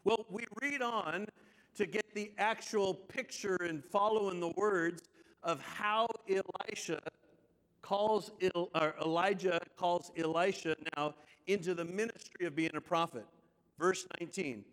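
A man's voice: high-pitched, animated, a little slow, a bit bright, in a large hall, poor audio. A man preaching a sermon as pastor, with chatty, joking asides to the congregation.

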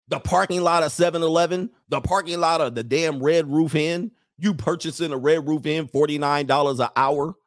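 Forties male streamer, slangy comic rant, bright-ish voice, dead dry sound. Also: on the high side, no echo. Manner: loud, joking, animated, slangy. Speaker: livestream host reading chat. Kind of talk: comedic livestream rant.

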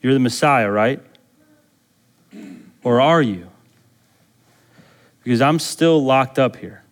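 A man's voice: medium pitch, takes it slowly, close to an everyday voice. Brief: a pastor playing a jailed prophet, a grown man full of doubt who pleads casually and questions in plain everyday speech. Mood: coaxing.

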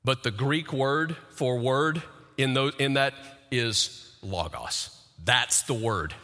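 A male pastor preaching slowly in a bright, forceful, slightly high voice. He climbs to emphatic peaks and lets dramatic pauses hang. His words ring out with the long reverb of a large hall. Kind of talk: sermon.

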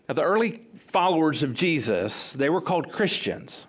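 A male pastor delivers a sermon in a chatty storytelling way, acting out the lines he quotes. His voice sits a little high and swings widely in pitch. He pushes some words out slowly and rushes through others. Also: husky. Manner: conversational, animated storytelling with acted-out quotes.

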